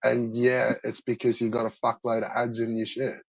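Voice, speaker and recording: A man chats casually over voice call, telling a long rambling story laced with swearing. His voice sits at a middling pitch. The audio comes through muffled and lo-fi. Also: monotone, normal speed, creaky, no room sound. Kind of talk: casual voice-chat conversation.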